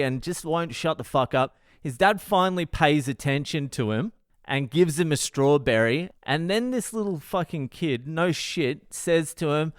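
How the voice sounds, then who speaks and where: A man's voice: fairly high pitch, expressive, moderate pace, clear, resonant tone, dry recording, clean studio sound. A man hosting his own podcast, telling a story in a profane, exasperated way. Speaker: comedian podcast host. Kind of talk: solo storytelling monologue.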